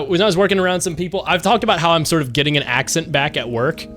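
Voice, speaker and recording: A man's voice: fairly high pitch, fairly bright tone. A young man streaming games, rambling and joking casually as he talks to his chat. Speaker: game streamer.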